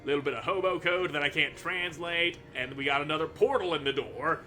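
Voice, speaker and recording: A man hosts a casual let's play, reading the game aloud and joking at his own slips. His voice is bright and a little high, and he swears casually. Faint game music runs behind him. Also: a little fast. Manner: goofy, self-mocking, swears casually.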